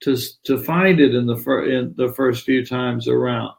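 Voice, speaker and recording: Gravelly-voiced man teaching yoga. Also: medium pitch, moderate pace. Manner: animated, acts out little dialogues. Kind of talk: conversational teaching on scripture.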